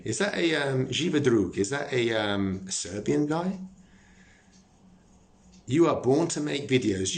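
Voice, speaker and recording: A man hosting a live stream, chatting casually, joking and swearing as he answers viewer comments. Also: mid-range voice.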